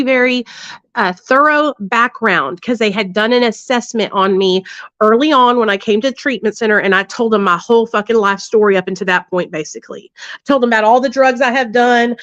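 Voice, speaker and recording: A candid woman tells her story in a slightly high voice and swears freely as she talks straight to her listeners. The sound is dry and a little dull, as if recorded close on a basic mic. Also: fairly bright tone, no echo. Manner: candid and blunt, heavy swearing, conversational asides to listeners. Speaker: livestream host sharing her recovery story. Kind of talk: casual storytelling.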